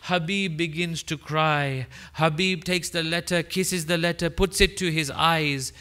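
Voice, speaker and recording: A man, a sheikh, giving an emotional mourning sermon in short declarative sentences that swell into loud grieving cries. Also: on the high side, steady tone, a little slow. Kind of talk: emotional Muharram majlis narration.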